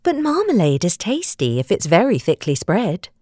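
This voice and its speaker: A woman's voice: on the low side, huge pitch swings, normal speed, a little mellow, no echo, studio quality, pitched above the performer's own voice. A woman doing a politely apologetic cow.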